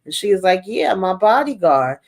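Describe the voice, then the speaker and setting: A woman's voice: medium pitch, big pitch swings, normal speed. A woman co-hosting a casual movie discussion, retelling scenes and acting out the lines with laughs. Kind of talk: casual movie recap chat.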